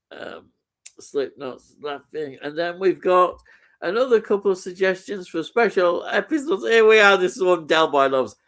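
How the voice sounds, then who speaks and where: A man's voice: fairly high pitch, fairly bright tone. A man co-hosting a casual live stream, reading out viewer comments with lots of ums and easy laughter.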